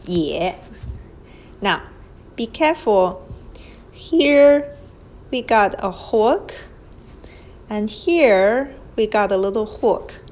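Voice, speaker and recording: A woman's voice: medium pitch, animated, very slow, pauses often, a little mellow, low-quality recording. A woman teaching characters over a whiteboard recording, explaining patiently step by step and modelling tones aloud. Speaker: Chinese language teacher. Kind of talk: slow whiteboard lesson narration. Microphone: phone screen recording.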